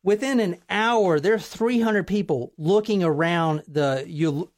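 A woman hosting a casual chat, telling a true crime story in an animated way, swearing casually and acting out quotes. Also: lowish voice, measured pace.

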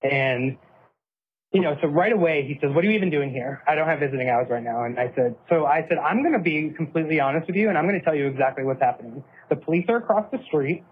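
A man tells his own story in an earnest, steady way, quoting what he and others said. His voice sits a little high for a man and comes through a narrow, tinny line like a phone call. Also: fast talker, a little hiss or hum. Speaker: interviewee recounting events. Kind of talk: personal account, clip played on a podcast.

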